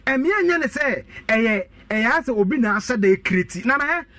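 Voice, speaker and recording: A man's voice: very high-pitched, lively intonation, fairly quick, bright, forceful tone, dry recording, clean studio sound, far from the mic. Emphatic Ghanaian man in radio debate. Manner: mixing Twi and English, emphatic, repeats points. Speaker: political guest. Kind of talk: animated political debate.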